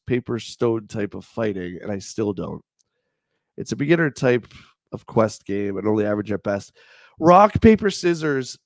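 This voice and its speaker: A man's voice: mid-range voice, a little mellow, dry recording, studio quality. Stuffed-up man reading reviews aloud. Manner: rambling, jokey, reads then riffs on the text. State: stuffed-up nasal voice. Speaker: livestream host reading an old gaming magazine.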